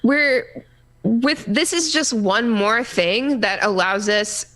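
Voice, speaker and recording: A woman co-hosting a casual gaming podcast, talking in a rambling, halting way full of restarts and fillers. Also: fairly high pitch, a bit bright. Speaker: podcast co-host.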